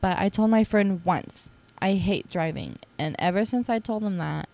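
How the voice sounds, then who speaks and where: A woman's voice: medium pitch, expressive, moderate pace, creaky, a little mellow. A young adult woman hosting a casual solo podcast, talking in a chatty, playful way with teasing asides and lots of fillers. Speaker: podcast host.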